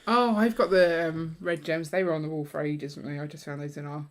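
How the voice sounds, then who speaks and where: Woman co-host, low-pitched, chatty and quick to laugh, light noise. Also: fairly even intonation. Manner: chatty, storytelling, laughs easily. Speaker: co-host of a Lego build livestream. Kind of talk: casual chat while building.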